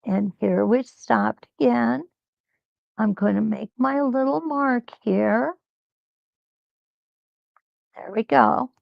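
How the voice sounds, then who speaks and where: A woman hosting a live quilt-along, talking slowly and reassuringly as she thinks aloud through each stitching step. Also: a little high, vocal fry, dry recording, dull audio. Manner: slow, reassuring, thinks aloud while sewing.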